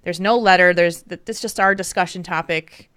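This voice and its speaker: Woman podcast host, open and chatty, laughs a lot, bright voice, dry close sound. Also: lowish voice, steady tone, fairly quick, clean tone, no echo. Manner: open and candid, laughing often. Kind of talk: casual podcast chat.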